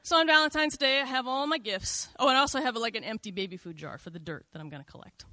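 Woman, middle-aged, storyteller, bright tense voice, dry close sound, casual and confessional, lots of "like". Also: a little high, quick pace, dry recording. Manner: conversational, frequent "like" and "you know", candid and confessional. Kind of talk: first-person storytelling.

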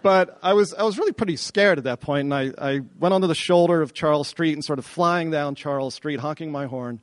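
Higher-voiced man telling a lively story. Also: a little fast, no room sound. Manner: animated, excited retelling with self-interruptions and repeats. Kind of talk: live personal storytelling.

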